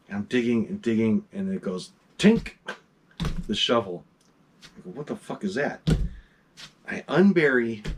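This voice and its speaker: A middle-aged man casually telling a ghost story to his vlog audience, animated and swearing freely. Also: lowish voice, husky. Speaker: vlog host.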